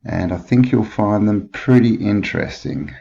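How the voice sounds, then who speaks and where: A man's voice: on the low side, unhurried, creaky, dark tone, muffled recording. A man hosting a casual history commentary, chatty and questioning, with frequent filler words. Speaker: channel host.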